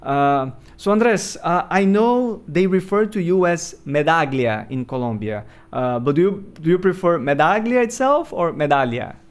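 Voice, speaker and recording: Smooth-voiced male interviewer. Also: on the high side, very animated, measured pace, hardly any pauses. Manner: friendly, with many "uh" fillers. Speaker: podcast interviewer. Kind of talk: interview hosting.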